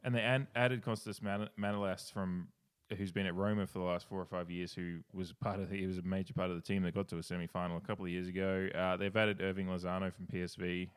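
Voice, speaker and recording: A man's voice: sits low, flat delivery, fast talker, smooth. An Australian man co-hosting a podcast in casual chat, laughing often and swearing freely. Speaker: podcast co-host.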